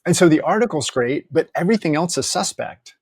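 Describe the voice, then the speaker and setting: A man's voice: fairly high pitch, brisk, husky, dry recording. Dry-miked man telling a story. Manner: candid, joking, quotes people in lively asides, swears freely. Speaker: podcast guest. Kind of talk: casual storytelling.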